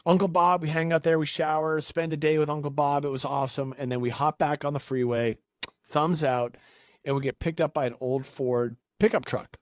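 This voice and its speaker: A man on a podcast telling a long story in a casual, animated way, acting out the people he quotes. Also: fairly high pitch, normal speed, no echo, clean studio sound. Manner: animated, acts out quoted voices. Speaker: podcast guest.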